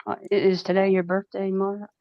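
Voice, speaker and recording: A woman's voice: mid-range voice, level tone, fairly quick, no echo, lo-fi sound. A woman from Nashville with a Southern US accent, chatting casually on a live stream and laughing often. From Nashville, Tennessee. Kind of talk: casual chat.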